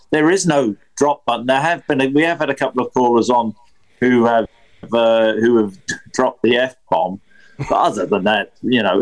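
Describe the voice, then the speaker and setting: A man, a football pundit guest in a casual podcast chat, who repeats his words as he gets going. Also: mid-range voice. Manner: hesitant, repeats words as he starts.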